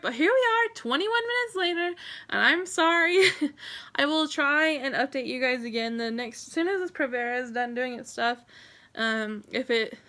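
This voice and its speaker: Bright-voiced emotional young woman vlogger. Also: fairly high pitch. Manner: emotional, rambling, grateful, tearful at times. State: teary. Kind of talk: personal vlog update.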